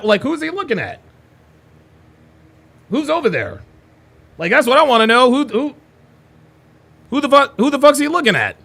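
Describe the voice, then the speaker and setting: Male reaction host, blunt and mocking, high lively delivery. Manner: blunt, mocking, swears freely. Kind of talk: live stream reaction commentary.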